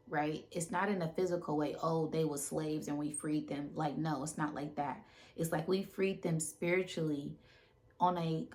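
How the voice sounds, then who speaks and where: A woman's voice: sits low, darkish tone. A woman talking casually to her viewers about spiritual matters, emotional and close to tears, repeating phrases and often asking "right?". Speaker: spiritual content creator.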